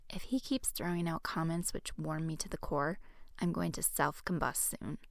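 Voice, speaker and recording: A woman reading her own romance novel aloud in a soft, hushed first-person narration. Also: low voice, steady tone, normal speed, gravelly, dry recording, studio quality. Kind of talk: audiobook narration.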